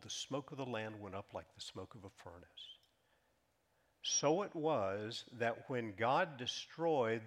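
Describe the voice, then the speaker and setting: A man preaching a sermon, reading scripture aloud and explaining it, climbing in pitch and loudness on emphatic lines and dropping to a soft hush on key phrases. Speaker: pastor.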